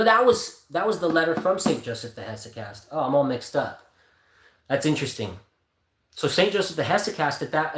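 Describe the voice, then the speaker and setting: A man's voice: fairly high pitch, a bit bright. A man hosting a casual spiritual talk who thinks aloud, rambles and corrects himself as he goes. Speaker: channel host. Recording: roomy echo.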